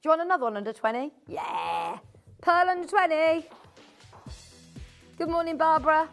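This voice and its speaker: A woman presenting on a live shopping channel, chatty and bubbly, quickly rattling off prices and buyer names in a studio. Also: sits high, creaky, soft background music. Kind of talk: live TV sales patter.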